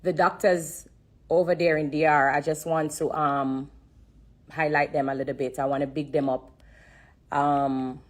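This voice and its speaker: Speaking unhurriedly on a social-media live from her phone, a woman with a low, fairly flat voice shares a moving testimony. She repeats herself earnestly, struggling to keep from crying.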